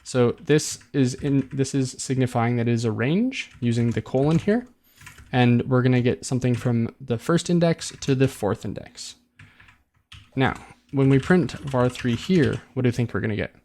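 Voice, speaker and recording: A man's voice: mid-range voice, moderate pace. Man casually explaining code on screen. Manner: relaxed and chatty, restarts phrases, thinks aloud with ums. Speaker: coding tutor. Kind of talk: casual screen-recorded coding tutorial.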